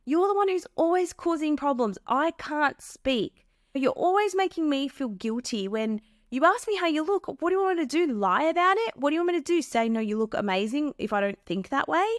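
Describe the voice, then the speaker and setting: A sharp, defensive partner, put on by a woman, turns every complaint back on the other person. The voice climbs high and sounds indignant, firing off rhetorical questions. The recording is dry and close. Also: animated, brisk, no echo. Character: defensive blame-shifting partner, sharp and dismissive.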